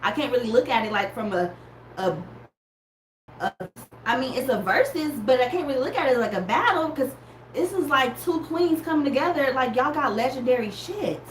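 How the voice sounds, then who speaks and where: Animated woman telling stories to listeners. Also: high-pitched, normal speed. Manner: animated storytelling, addresses listeners as y'all. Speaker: podcaster reviewing a music battle. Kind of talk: casual chat. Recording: echoey room with faint background noise.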